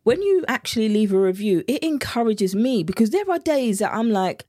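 A woman's voice: medium pitch, very animated, fairly quick, few pauses, darkish tone, dry recording, clean studio sound. A woman with a British accent, hosting a podcast as a meal planning coach in an earnest, heartfelt and repetitive solo monologue.

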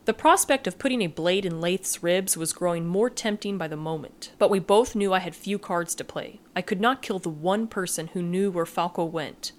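Woman narrator, slightly low, dramatic measured fiction reading. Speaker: story narrator. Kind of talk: first-person fiction reading.

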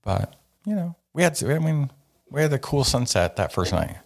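A man's voice: medium pitch, sing-song, moderate pace, gravelly. A man co-hosting a podcast, chatting casually and rambling with lots of fillers and jokes. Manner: rambling, filler-heavy, joking. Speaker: podcast co-host. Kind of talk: casual chat.

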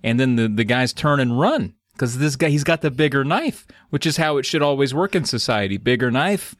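A man's voice: medium pitch, expressive, fairly quick, no room sound. A young adult man co-hosting a podcast, casually joking and animatedly retelling film scenes. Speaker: podcast co-host. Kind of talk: casual chat.

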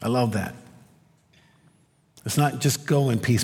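A man giving a sermon, explaining a passage and asking the congregation rhetorical questions, slowing down to stress key points. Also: medium pitch, darkish tone. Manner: expository preaching, rhetorical questions, slows for emphasis. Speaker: pastor. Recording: long hall reverb.

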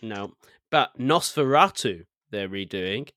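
A man's voice: on the low side, expressive, slow pace, sharp tone. An easygoing man co-hosts a casual podcast chat, running through upcoming film news. He reads bits aloud and then riffs on them. His voice sits close and dry, with no room echo. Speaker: podcast co-host.

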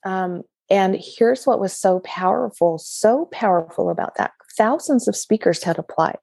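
Dark-voiced woman telling stories. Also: medium pitch, a little slow, gravelly, breathy edge, no room sound. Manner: animated, laughs often while telling stories. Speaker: guest. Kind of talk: conversational storytelling.

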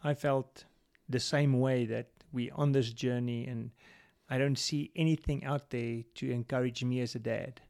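A man's voice: mid-range voice, measured pace, creaky, hardly any pauses. Male podcast host, encouraging, asks questions, affirming murmurs. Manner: encouraging, listening with steady murmurs. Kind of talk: interview questions, casual conversation.

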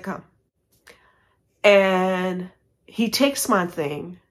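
A woman telling a personal story to an audience in a slow, deliberate way, acting out the dialogue and climbing higher in pitch as the tension builds. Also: a bit bright. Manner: dramatic, acts out dialogue, rising pitch as tension grows.

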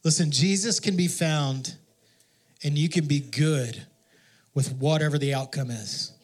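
Guy preaching like he's just chatting, kinda high voice, trips over his words. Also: unhurried. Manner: conversational, self-deprecating storytelling with frequent restarts. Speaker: pastor. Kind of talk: sermon.

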